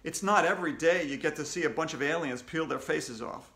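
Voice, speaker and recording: A man with a fairly high voice reads a children's story aloud, playful and animated as he goes. The sound bounces around a roomy, echoey space. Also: brisk. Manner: animated, raises pitch for character voices. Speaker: children's author reading aloud. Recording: echoey room.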